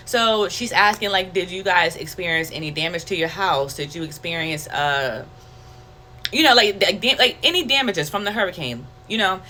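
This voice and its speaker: With a medium-pitched voice and a fairly quick pace, a woman describes her personal faith journey as a testimony vlogger. There's slight background noise, and her candid, conversational telling is animated by acting out her own thoughts.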